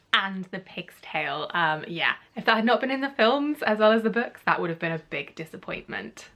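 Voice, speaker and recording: A woman's voice: mid-range voice, fairly bright tone. A woman in a chatty YouTube vlog, giving an upbeat and rambling review that compares a book and its film. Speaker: YouTuber comparing books and films.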